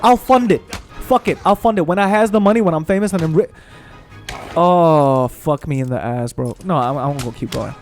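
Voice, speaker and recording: A young man hosting a gaming channel, ranting in a heated, profane, animated way while he plays. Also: on the high side, moderate pace, faint music behind. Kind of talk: ranting commentary over gameplay.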